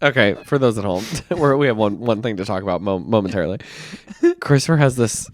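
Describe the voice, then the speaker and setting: A man's voice: on the low side, fairly quick, no echo, clean studio sound. A man co-hosting a podcast in casual chat, sassy and dramatic, laughing often. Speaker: podcast co-host.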